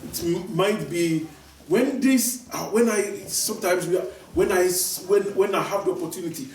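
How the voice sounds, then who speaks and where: A man's voice: high-pitched, animated, brisk, a little mellow, distant mic. Man, sermon, repeats himself, restarts sentences, echoey room, faint noise. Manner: repetitive, emphatic, many restarts. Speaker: preacher.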